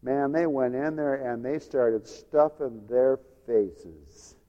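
A male preacher delivering a dramatic sermon, swinging from loud proclaiming to near-whispered storytelling. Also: medium pitch, slow pace, dull audio. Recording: long hall reverb.

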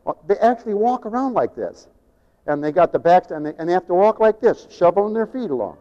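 High, lively folksy preacher man in a hall. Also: a little fast. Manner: folksy storytelling, acts out voices, rises to shouting. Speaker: pastor. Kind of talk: sermon. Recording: dull lo-fi sound with long hall reverb.

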